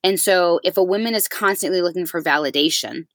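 Animated woman telling a story, low voice. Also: fairly quick, no echo. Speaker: podcast co-host. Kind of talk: casual chat.

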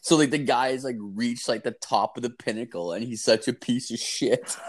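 A man's voice: mid-range voice, background noise. A man in his thirties, a podcast co-host telling a profane, rambling story in casual chat.

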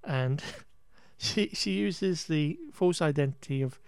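A man talking through a film plot in casual podcast chat. He rambles, restarts his sentences and laughs a lot. His voice sits a bit high, and the sound is dry and close with no room echo. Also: takes it slowly, clear, resonant tone. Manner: rambling, self-correcting, laughs often. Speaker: podcast co-host recapping a film.

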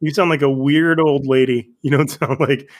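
A man guesting on a comedy podcast, rambling through a story with restarts and quick impressions. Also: medium pitch, steady tone. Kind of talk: casual comedy podcast chat.

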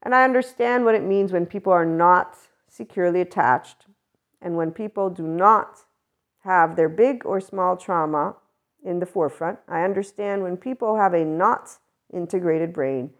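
A woman's voice: fairly low pitch, normal speed, dull audio. A woman hosting a solo podcast, talking casually and bluntly, laughing often as she goes. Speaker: podcast host.

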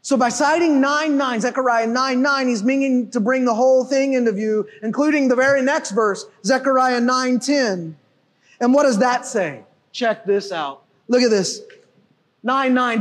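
A man preaching a sermon with an animated, emphatic delivery that often rises to shouting. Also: extremely high pitch, a little slow, long reverb tail. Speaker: pastor.

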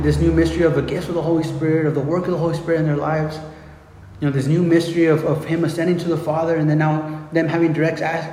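Earnest preacher in an echoey hall. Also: male voice, fairly high pitch, a little mellow, slight background noise. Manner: earnest, repetitive, many restarts. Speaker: pastor. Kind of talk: sermon. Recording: echoey hall with faint ambience.

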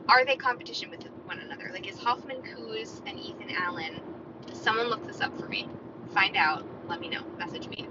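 A woman in her thirties hosting a solo podcast outdoors by a parking lot. She talks in a chatty, opinionated ramble, full of "like" and "right?". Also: fairly high pitch. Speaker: podcast host. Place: parked outdoors near a store parking lot, car or street sounds behind. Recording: dull lo-fi sound with clear traffic noise.

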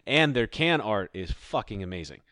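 Man, podcast co-host, smooth resonant voice, dry close sound, laid-back rambling chat. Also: on the low side, big pitch swings, normal speed, a bit bright, no room sound. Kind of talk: casual chat.

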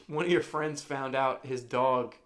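A man's voice: mid-range voice, steady tone, unhurried, fairly bright tone. A man in a casual chat, teasing his co-host and chuckling as he asks questions.

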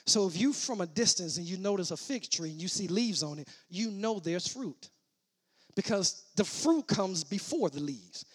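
A man preaching a sermon, starting as casual teaching and building to loud shouted preaching, repeating and restarting his words. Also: high voice, animated, normal speed, breathy edge.

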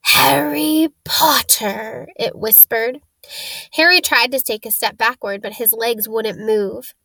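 A woman narrating a storybook chapter in a slow, dramatic reading. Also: on the high side, bright, forceful tone, no room sound, poor audio. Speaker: audiobook narrator.

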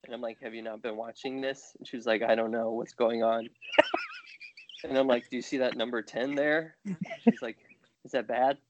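A man's voice: medium pitch, fairly even intonation, moderate pace, heavy background noise. A man co-hosting a casual podcast chat, telling rambling, wry stories. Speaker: podcast co-host. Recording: dull, muffled sound.

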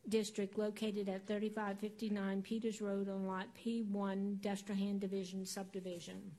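A woman clerk reads a list of agenda items in a formal, measured delivery. Her voice is mellow and dark, and it barely rises or falls in pitch. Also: rough recording. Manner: formal, even reading tone. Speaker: council clerk. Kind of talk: reading agenda items aloud.

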